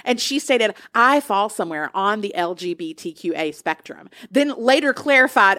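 A woman co-hosting a casual pop culture podcast, telling stories in an emphatic, animated way. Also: mid-range voice, normal speed, few pauses, dry recording, clean studio sound. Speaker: podcast co-host.

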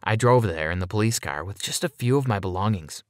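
A man's voice: on the low side, expressive, a little fast, dry recording, studio quality. A man giving scripted first-person narration of a dramatic story in an earnest, dramatic storytelling manner.

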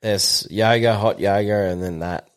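A man's voice: fairly low pitch, fairly even intonation, a little slow. An Australian man co-hosting a casual podcast chat, swearing and bantering bluntly. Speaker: podcast co-host.

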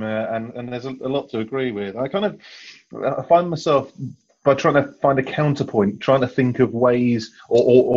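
A man's voice: medium pitch, darkish tone. A man on a podcast panel, thinking aloud with frequent restarts and fillers. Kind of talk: casual discussion. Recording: muffled lo-fi mic.

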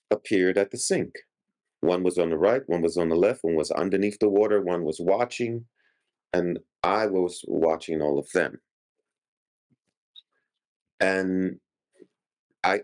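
Man, very low voice, interview guest, earnest vivid storyteller. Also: a little mellow. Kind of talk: recounting a personal experience.

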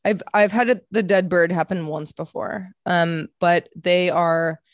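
A woman's voice: on the low side, fairly even intonation, unhurried, dry recording, studio quality. A young woman hosting a podcast, chatting casually and rambling, acting out quotes in playful voices. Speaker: podcast host. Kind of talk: casual chat.

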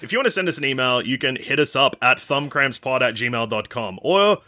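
Bright-voiced podcast host. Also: male voice, mid-range voice, expressive, brisk. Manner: reads listener emails, jokey. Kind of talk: casual chat.

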